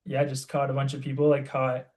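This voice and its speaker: A young man co-hosting a podcast, telling a story in animated casual chat and saying "like" constantly. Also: medium pitch, brisk. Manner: animated storytelling, heavy use of "like". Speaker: podcast co-host.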